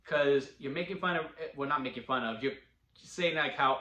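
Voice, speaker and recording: A man at home casually recapping a TV episode, rambling with quick restarts and bursts of laughter. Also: medium pitch, bright, forceful tone, echoey room. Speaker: TV episode reviewer. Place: at home with a dog.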